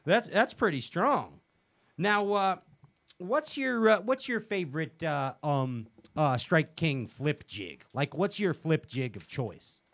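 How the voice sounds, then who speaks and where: A man's voice: a little high, animated, slow, fairly bright tone, lo-fi sound. A man hosting a casual comedy show, rambling and joking with many fillers and restarts. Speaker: show host.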